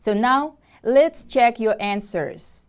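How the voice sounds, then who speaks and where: Slow, careful woman teacher. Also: a little high, faint music behind. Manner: clear, careful pronunciation with drilled repetitions. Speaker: English language teacher. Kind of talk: slow, deliberate classroom instruction.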